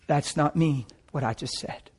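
Male preacher, somewhat high voice and husky, emotional storyteller who swings into shouts. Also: a little slow, rough recording. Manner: dramatic, emotional storytelling that bursts into shouts and laughter. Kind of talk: sermon with personal storytelling.

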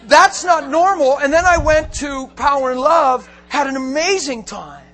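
A man preaching a storytelling sermon, animated and often laughing, breaking into shouts for emphasis. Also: extremely high pitch, measured pace.

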